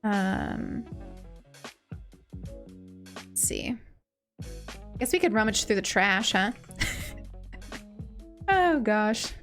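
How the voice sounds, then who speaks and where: A young woman streaming a cozy game, chatting gently and warmly greeting viewers, often saying things twice. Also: mid-range voice, big pitch swings, drawn-out words, pauses often. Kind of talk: cozy casual chat while gaming. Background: faint game music.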